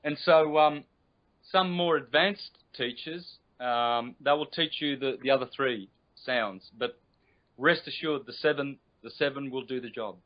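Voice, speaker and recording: Man teaching over a lo-fi call. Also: mid-range voice. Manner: patient and instructive, drawn-out demonstrated vowel sounds. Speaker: guest teacher. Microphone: video call. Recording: lo-fi internet call audio.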